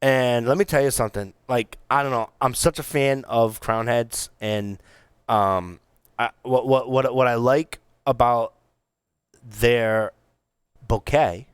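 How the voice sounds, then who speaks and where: A man co-hosting a cigar podcast, talking in a casual, animated, rambling way with many restarts. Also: medium pitch, takes it slowly, clean tone, dry recording, studio quality. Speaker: podcast co-host reviewing cigars. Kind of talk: casual chat.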